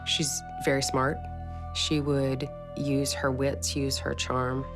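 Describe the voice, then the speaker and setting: A woman interviewed for a documentary, speaking in a flat, deliberate way. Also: a bass voice. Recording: music bed under the voice.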